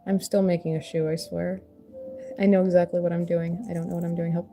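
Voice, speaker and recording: A woman's voice: on the low side, little pitch movement, brisk, mellow, soft background music. A woman chatting casually while sculpting, rambling and laughing often, joking at her own expense. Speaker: crafter and mother.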